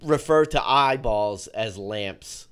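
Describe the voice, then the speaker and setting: A man's voice: lowish voice, slow, fairly bright tone, clean tone. A man co-hosting a casual chat, reacting to a TV episode in a blunt, offhand way with some swearing. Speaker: podcast co-host.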